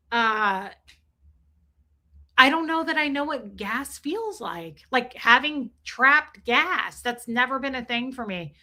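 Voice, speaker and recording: A woman in her forties hosting a live stream, chatting casually and crudely while reading viewer comments aloud. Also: fairly high pitch. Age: 40s. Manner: crude, joking, animated, reads chat aloud. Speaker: livestream host reading chat.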